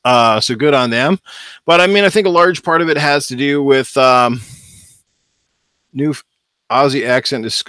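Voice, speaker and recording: A man's voice: medium pitch, moderate pace, pauses often, sharp tone, dry recording, studio quality. A man hosting a casual gaming livestream, talking in an upbeat, chatty way and reading out viewer comments. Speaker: gaming show host.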